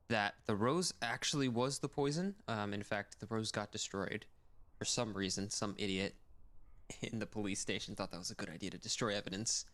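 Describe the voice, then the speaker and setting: A man's voice: lowish voice, fairly bright tone. A man casually narrating and joking while playing a story game. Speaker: streamer. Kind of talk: game let's play commentary.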